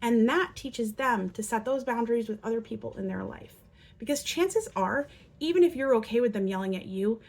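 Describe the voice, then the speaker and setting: Fairly high-pitched and slightly rough, this woman's voice belongs to a parenting educator giving parents earnest advice about children's behavior. She performs sample quotes in lively voices as she teaches.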